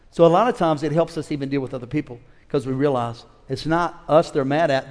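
A fifty-something pastor preaching in a church hall, his fairly high voice trailing off into a long reverb. He swings from loud exhortation to hushed, chatty storytelling. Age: 50s. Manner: animated preacher, shifts from shouting to quiet storytelling. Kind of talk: sermon.

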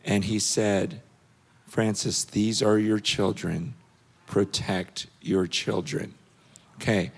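A middle-aged man giving an earnest, animated personal story as a guest on a panel. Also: slow, vocal fry, slightly rough. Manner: earnest, animated storytelling, rising in pitch when intense.

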